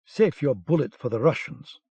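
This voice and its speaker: A man voicing a calm, guarded man in disguise who answers low and steadily, on a dull lo-fi cassette audiobook recording. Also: normal speed, husky, no room sound.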